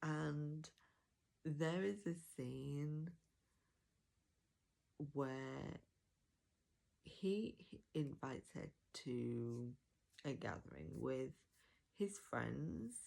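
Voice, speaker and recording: A woman with a low, gravelly voice talks through an audiobook review at an unhurried pace. She is chatty and enthusiastic, stopping to correct herself and filling gaps with ums. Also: mellow. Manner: chatty and enthusiastic, with laughs, fillers and self-corrections. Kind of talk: casual spoken review.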